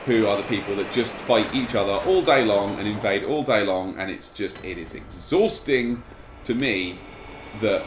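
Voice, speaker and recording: A man's voice: fairly low pitch, reverberant, noisy background. A man hosting a gameplay stream, chatting casually and rambling while he plays. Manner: rambling, distracted while playing. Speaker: gaming streamer.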